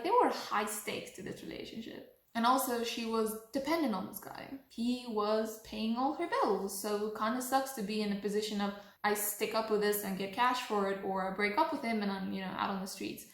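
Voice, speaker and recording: A young woman telling a storytime vlog in an animated way, acting out what people said. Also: a little high, moderate pace, hardly any pauses. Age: young adult. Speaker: vlogger. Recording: echoey room.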